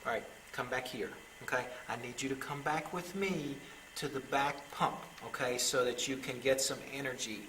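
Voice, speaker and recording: A man working as a paranormal investigator, coaxing unseen spirits with gentle, pleading, repetitive talk inside a derelict island building. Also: mid-range voice, moderate pace, a little hiss or hum, poor audio. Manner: gentle, pleading, repeats himself.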